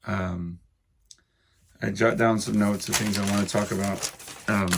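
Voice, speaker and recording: Young man, podcast host, low-pitched, gravelly, meandering solo chat. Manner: meandering, full of fillers and asides.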